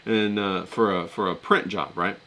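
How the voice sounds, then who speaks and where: Chatty middle-aged male vlogger with a lowish, punchy voice. He rambles through a story with plenty of filler words. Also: steady tone, normal speed, bright, forceful tone. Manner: chatty, with many fillers and restarts. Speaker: vlogger talking to his live chat.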